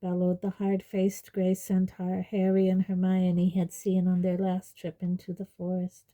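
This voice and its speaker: A woman reading a fantasy novel aloud in a measured audiobook narration. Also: on the low side, completely flat delivery, dark tone, rough recording. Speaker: reader.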